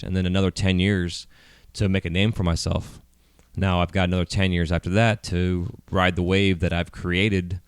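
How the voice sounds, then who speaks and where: Low-voiced, rambling middle-aged podcast host. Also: male voice, dry recording, clean studio sound. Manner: rambling, profane, heavy with fillers. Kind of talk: casual podcast chat. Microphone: handheld mic.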